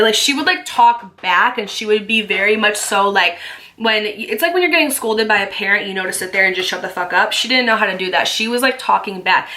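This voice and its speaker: A woman's voice: medium pitch, normal speed, bright, forceful tone. A young woman vlogger telling a personal story in a chatty, emphatic way, full of filler likes. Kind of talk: casual storytelling.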